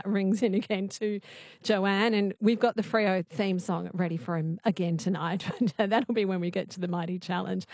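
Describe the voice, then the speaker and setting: A woman's voice: mid-range voice, no room sound, clean studio sound. Chatty Australian woman hosting late-night radio. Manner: chatty, inviting listeners in. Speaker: radio host. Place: radio studio.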